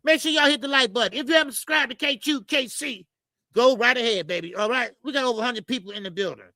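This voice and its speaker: A man hosting a live boxing talk stream, ranting in a profane, animated way and often repeating himself. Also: very high voice, quick pace, no echo. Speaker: boxing show host.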